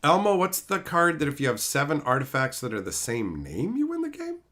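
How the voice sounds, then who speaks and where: Hosting a live stream, a man with a slightly high voice chats casually at a fairly quick pace, reading viewers' names aloud. He's animated and curses freely.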